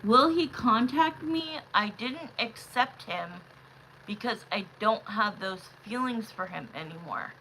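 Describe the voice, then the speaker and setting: A woman reading tarot on a live stream, chatting casually with viewers, calling them love and honey, with sudden loud excited bursts. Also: fairly high pitch, measured pace, a little hiss or hum, rough recording. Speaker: livestream tarot reader.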